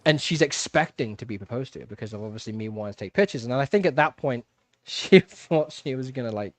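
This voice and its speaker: A man's voice: medium pitch, quick pace, a little hiss or hum. A man, hosting a casual livestream and telling a story with lots of laughs and fillers. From England. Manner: animated storyteller, laughs often, chatty with fillers. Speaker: livestream host. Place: home fish room.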